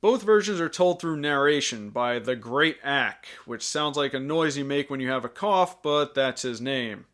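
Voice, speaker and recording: A man's voice: medium pitch, lively intonation, normal speed, hardly any pauses, a bit bright. A man hosting a scripted film review with sarcastic, jokey asides.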